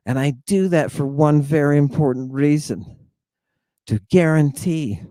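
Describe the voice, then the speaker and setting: A male host lectures his viewers in an emphatic monologue, repeatedly asking "right?" and "do you understand?" while stalling through halting restarts and drawn-out fillers. His voice is fairly high and mellow, with no echo.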